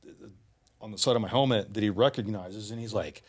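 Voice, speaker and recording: A man talking as a podcast guest, telling stories in an animated, laid-back way and swearing freely. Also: on the low side, brisk. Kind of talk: casual storytelling.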